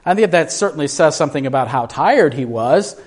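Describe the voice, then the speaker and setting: This preacher's voice sits fairly high and sounds animated as he moves at a fairly quick clip. He quizzes the congregation, performs the quoted voices of his story, and swings from soft to loud.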